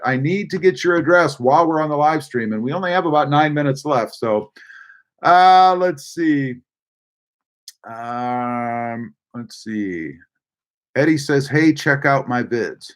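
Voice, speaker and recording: A man runs a casual live stream and reads viewer comments aloud. His voice sits a little high, and he talks with lots of "uh" and "let's see" fillers between the messages. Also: a bit bright. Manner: reads chat aloud with many fillers and hesitations. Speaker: livestream host.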